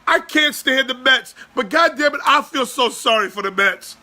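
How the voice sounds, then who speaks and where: A man in his forties hosting a sports podcast, ranting loudly and profanely in exasperation. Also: extremely high pitch, expressive, normal speed. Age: 40s.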